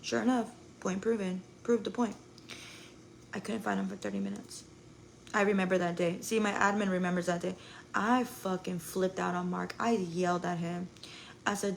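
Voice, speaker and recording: Young woman streaming live, gravelly voice, rambling and swearing, faint hiss behind. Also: on the low side, normal speed, low-quality recording. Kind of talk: casual storytelling to live viewers.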